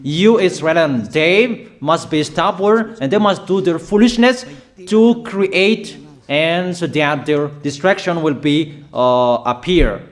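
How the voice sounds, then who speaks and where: A man preaches in a prophetic sermon, his voice sitting a little high for a man. He speaks slowly and deliberately, hammering home emphatic, repeated declarations in non-native English phrasing. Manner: emphatic, repetitive proclamations.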